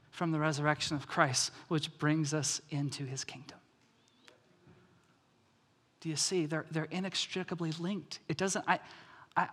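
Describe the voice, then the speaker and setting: A man preaching a sermon as pastor, animated, moving from soft earnest passages to loud storytelling. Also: on the high side, slightly rough. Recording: reverberant hall.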